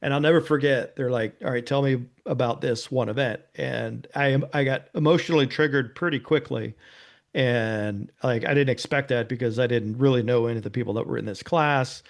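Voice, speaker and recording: This interview guest, a nonprofit founder who used to be a police officer, speaks in a gravelly, mid-range voice at a brisk clip. Telling a personal story, he stays earnest yet casual, frequently adding "you know" and "right?".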